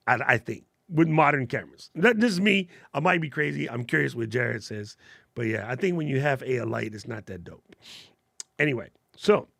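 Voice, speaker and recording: A man's voice: fairly high pitch, vocal fry, fairly bright tone, no echo, studio quality. A man hosting a casual live stream about camera gear, slangy and enthusiastic as he answers viewer questions.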